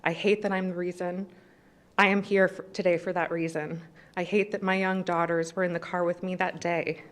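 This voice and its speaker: A woman in her thirties reads a prepared statement to a city council, audibly emotional and close to tears. Her somewhat low voice is shaky and halting. She speaks into a podium microphone in a council chamber. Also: level tone. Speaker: resident speaking at public comment.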